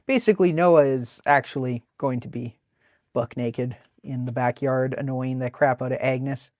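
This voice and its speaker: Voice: mid-range voice, fairly even intonation, normal speed, a little mellow, dry recording, studio quality. A webcomic artist casually narrating a sketchbook tour, talking in a rambling, chatty way with many fillers.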